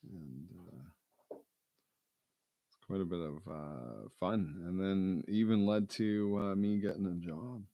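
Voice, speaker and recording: A man's voice: deep voice, slow pace, no echo, lo-fi sound. A man in casual, meandering chat, joking and swearing with lots of fillers.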